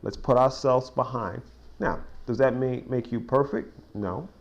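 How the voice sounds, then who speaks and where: Man, Bible study teacher, informal, folksy, restarts often, medium pitch, small cafe. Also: unhurried, lo-fi sound. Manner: informal, folksy, builds to excited sports stories; frequent restarts and you-knows.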